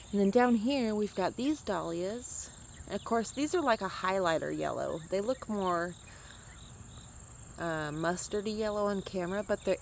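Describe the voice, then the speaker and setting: A woman's voice: medium pitch, a little mellow, slight background noise. A woman chatting casually as she walks a camera around her outdoor garden, rambling and correcting herself as she goes. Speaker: vlogger touring her garden. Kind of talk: casual garden tour chat.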